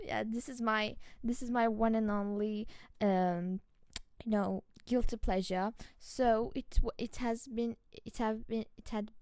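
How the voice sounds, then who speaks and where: Chatty, giggly podcast host, a woman from Türkiye with a Turkish accent; smooth, dry close sound. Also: on the high side, darkish tone, no room sound. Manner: giggly, chatty, often restarts words. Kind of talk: casual solo chat.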